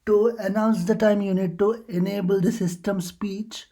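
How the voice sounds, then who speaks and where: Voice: medium pitch, steady tone, normal speed, warm tone. A tutorial host casually walking through computer settings, hesitant and full of uh fillers and restarts. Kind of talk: casual screen-recording walkthrough.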